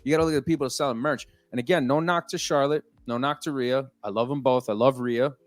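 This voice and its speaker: A man's voice: medium pitch, fast, no room sound, faint music behind. Brash, profane man cohosting a podcast. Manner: profane, boastful, mock-sincere. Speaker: podcast co-host. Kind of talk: casual panel chat.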